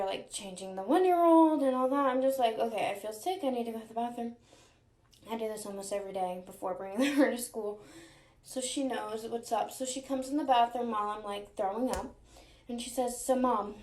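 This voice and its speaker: A young woman, a mother, casually telling a family story and acting out the quoted lines in lively voices. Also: fairly high pitch. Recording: echoey room.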